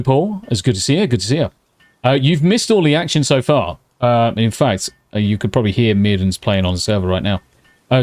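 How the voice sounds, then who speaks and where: British male streamer, casual and sweary, hushed late-night chat, mid-pitched, dry close sound. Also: no echo. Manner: excitable, swears constantly; talking slightly quietly. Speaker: live streamer. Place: at home at night.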